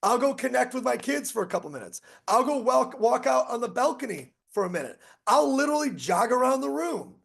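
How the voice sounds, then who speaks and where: A man's voice: very high-pitched, lively intonation, a little fast, gravelly, hardly any pauses, fairly bright tone. A middle-aged man presenting a motivational online strategy session, emphatic and repetitive as he rattles off lists. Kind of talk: motivational webinar talk.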